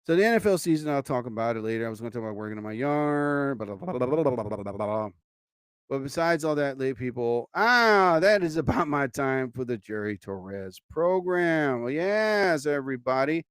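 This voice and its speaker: Man, live-show host, rambling casual monologue; clear, smooth voice, dry close sound. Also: medium pitch, expressive, moderate pace, hardly any pauses, a bit bright, dry recording. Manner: rambling, chatty, many "you know" asides.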